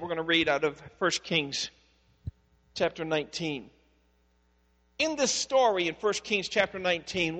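A male pastor preaching a sermon, telling a story in a conversational, animated way. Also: sits high, in a large hall.

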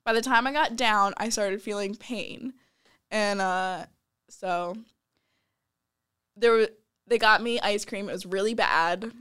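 A young woman telling a story in a casual, animated way, laughing often and acting out what people said. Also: mid-range voice, slow pace, pauses often, smooth.

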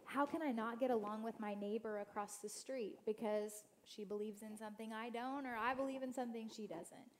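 A woman in her thirties giving a talk to a church women's group, telling funny personal stories in an animated way. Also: a little high, fairly quick, few pauses, slight background noise. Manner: animated storytelling, laughing at herself. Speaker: guest speaker.

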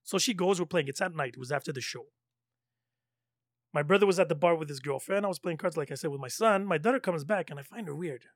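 Man, middle-aged, high voice, lively storyteller, swears and laughs, dry close sound. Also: fast talker, dry recording. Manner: animated storyteller who laughs often and swears. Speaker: storytelling guest. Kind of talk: casual chat.

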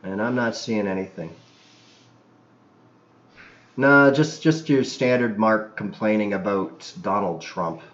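A man's voice: fairly low pitch, slow, long pauses, reverberant, muffled recording. A man from Canada hosting a podcast, telling crude anecdotes in a rambling way, full of fillers and restarts. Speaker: podcast host. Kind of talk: casual podcast chat.

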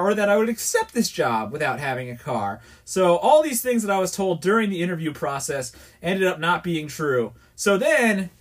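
Speaking with a slightly bright, higher-than-average voice, a podcast host from New York rambles through an exasperated story. His manner is candid and casual.

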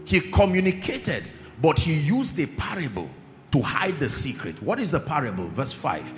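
Male preacher, lively pitch, emphatic and drawn out, long hall reverb, faint music underneath. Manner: emphatic, drawn-out repetitions, asks the congregation questions. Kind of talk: sermon.

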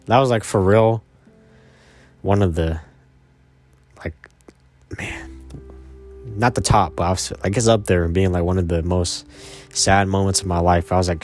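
A young man telling a personal story in a rambling, casual way, repeating himself, swearing and often trailing off quietly. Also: deep voice, fairly even intonation, moderate pace, pauses often, soft background music.

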